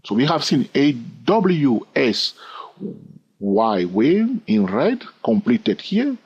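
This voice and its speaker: A man with a non-native English accent walks through trading charts in a chatty, teasing way, his pitch swinging up and down as he talks. His voice is a little husky. The recording sounds dull and lo-fi. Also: sing-song, slow pace, darkish tone. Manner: chatty, teasing, checks in with "all right?". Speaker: trading educator. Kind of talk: screen-recorded chart lesson.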